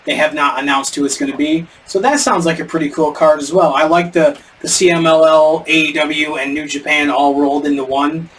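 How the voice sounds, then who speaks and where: A man's voice: a little high, fairly even intonation, fairly quick, few pauses, a bit bright. A man co-hosting a podcast in casual chat, rambling and stumbling over names. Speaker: podcast co-host. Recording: distant mic with faint background noise.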